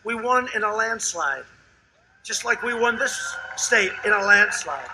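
An older man giving a rambling, boastful campaign rally speech, repeating himself and swinging between shouted lines and hushed asides. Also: sits high, lively intonation, unhurried, background noise. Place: outdoor rally before a large crowd.

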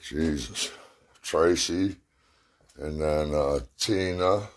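A middle-aged man with a very low voice spins rambling, cuss-heavy stories from his past. He sounds a little short of breath as he talks, in a loose, casual way. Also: extremely slow. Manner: profane, rambling storyteller. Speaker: storyteller. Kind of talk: casual spoken memories.

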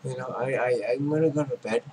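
A man narrating his own video game play in a casual, rambling way, talking to himself, his voice a little hoarse. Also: medium pitch, steady tone, fast, mellow, a little hiss or hum, low-quality recording. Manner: rambling, talks to himself while playing. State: losing his voice. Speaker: gaming channel host. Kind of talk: casual gameplay commentary.

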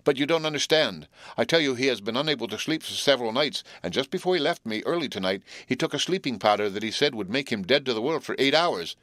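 A man reading the part of a frightened lame gentleman who pleads in a trembling voice. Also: mid-range voice, lively intonation, brisk, no echo, clean studio sound, pitched above the performer's own voice. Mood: desperate.

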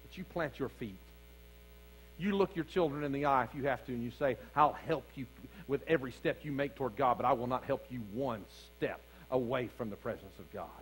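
A man's voice: mid-range voice, a little fast, low-quality recording. A man preaching a sermon as pastor, calling out to his congregation with rising fervor. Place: church sanctuary.

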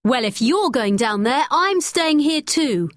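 A woman's voice: high-pitched, lively intonation, unhurried, no echo, studio quality, pitched above the performer's own voice. A woman voicing a cautious young woman who speaks anxiously and pleadingly. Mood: worried.

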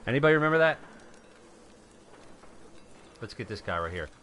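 A middle-aged man from New York giving excitable live gameplay commentary, calling out to viewers and shouting when things go his way. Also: medium pitch, normal speed, dull audio, very noisy. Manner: excitable, shouts at wins, talks to viewers as folks. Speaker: gaming live streamer.

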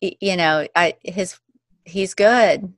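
Heartfelt woman with a lowish, dry voice. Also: slow, dry recording. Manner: warm and heartfelt, talks in vivid images. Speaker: guest, counselor. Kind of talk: faith-based podcast conversation.

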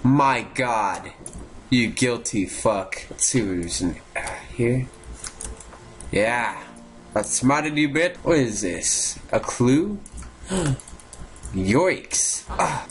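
A young man recording let's play commentary at home, slow and drawling but full of sudden excited yelps and swearing. His voice swings widely in pitch, from mumbled asides to shouted calls for help. Faint game music plays underneath. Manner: profane, excitable, swings between mutters and yelps. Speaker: gaming YouTuber.

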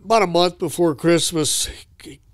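Older man reminiscing, smooth voice. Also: fairly high pitch, normal speed. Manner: relaxed, fond reminiscing. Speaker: guest, retired hockey trainer. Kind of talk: casual storytelling chat.

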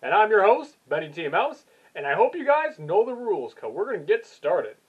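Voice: mid-range voice, very animated, normal speed, slightly rough, narrow, tinny audio. A puppeteer voicing a perky cartoon mouse who hosts a game show, in an upbeat, emcee-style way. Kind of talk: puppet blooper reel.

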